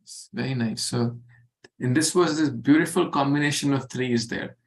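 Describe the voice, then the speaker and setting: A man teaching a scripture verse to a study group, going slowly, repeating words and asking the group questions. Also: mid-range voice.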